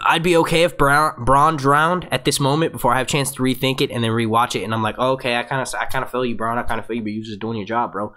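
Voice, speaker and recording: This man speaks at a medium pitch with a fairly bright tone. He's at home with a phone nearby, hosting a fan review show and rambling through a live question-and-answer breakdown as he reads viewer questions and restarts what he's saying.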